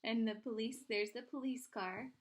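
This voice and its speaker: A woman teacher reading a picture book aloud to children, expressive and pointing out the pictures. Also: a little high, normal speed.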